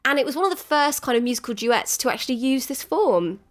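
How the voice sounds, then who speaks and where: A woman's voice: sits high, expressive. Giggly woman explaining music. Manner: chatty, giggly, quick asides. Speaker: podcast co-host. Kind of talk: casual chat explaining music history.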